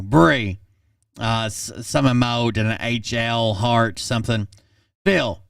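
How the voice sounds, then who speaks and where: A man's voice: mid-range voice, animated, measured pace, vocal fry, fairly bright tone, no room sound, clean studio sound, recorded from a distance. A man reading out a string of text messages, stopping for sarcastic and profane asides.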